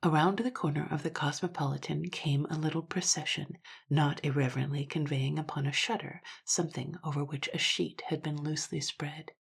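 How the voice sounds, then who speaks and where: A woman narrating a classic story in a measured voice that sometimes drops to a hush. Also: deep voice, fairly even intonation, creaky, breathy edge.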